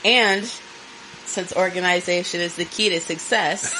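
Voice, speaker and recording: A woman co-hosting a casual podcast, blunt and animated, swearing freely. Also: lowish voice, unhurried, a little hiss or hum, rough recording. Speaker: podcast co-host. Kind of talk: casual chat.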